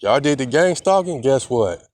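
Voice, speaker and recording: A man's voice: medium pitch, sing-song, moderate pace, darkish tone, no room sound. A young man, rambling defiantly in a casual vlog monologue, repeating himself and swearing a lot. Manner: heavy slang and profanity. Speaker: vlogger.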